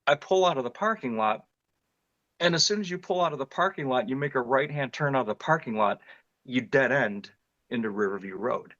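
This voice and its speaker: Speaking briskly with lively intonation, this middle-aged northeast Ohio man tells an interviewer about a frightening encounter, earnest and vivid, frequently starting phrases over. His mid-range voice is a bit bright, and the audio is dull with no echo.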